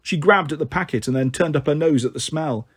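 Male storyteller, husky tone, pitched a touch high, voices the characters. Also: a little fast. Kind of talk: reading a children's novel aloud.

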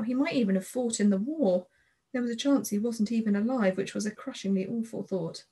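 Woman, audiobook narrator, first-person storybook reading, breathy, gentle, measured. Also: medium pitch.

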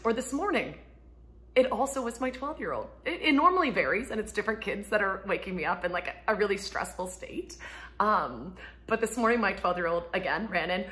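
A woman in her thirties, a homeschooling mom, chatting casually to camera from home, laughing often and acting out quotes in a higher voice. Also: animated, brisk, bright, forceful tone. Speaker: homeschooling mom and ministry speaker.

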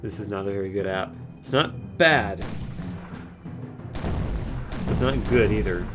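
A man's voice: lowish voice, unhurried, over music. Dry, sarcastic man streaming a game. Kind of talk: casual game commentary.

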